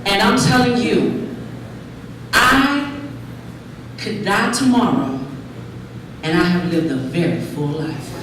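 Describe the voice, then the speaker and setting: A woman in her forties from California gives a preacherly talk, swinging between quiet asides and loud, ringing lines as she acts out conversations. She sounds distant from the microphone in a large, echoing hall, with steady noise behind her. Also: mid-range voice, takes it slowly, long pauses. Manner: expressive, preacherly, acting out dialogue. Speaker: luncheon speaker. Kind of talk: inspirational speech. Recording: echoey hall from far off, noisy.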